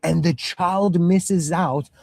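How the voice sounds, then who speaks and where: A man's voice: a little high, fairly even intonation, slow pace, creaky, a little mellow, dry recording. Talkative man lecturing, dry close sound. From Middle East. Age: 30s. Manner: conversational, repeats "you know" and "okay"; acts out parent and child voices. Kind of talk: casual spoken lecture.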